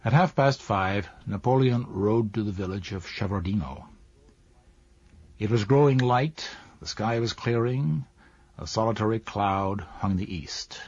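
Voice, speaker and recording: A man narrating a classic novel as an audiobook in a measured, even storytelling manner. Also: lowish voice, slightly rough, no room sound. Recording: dull dry lo-fi recording.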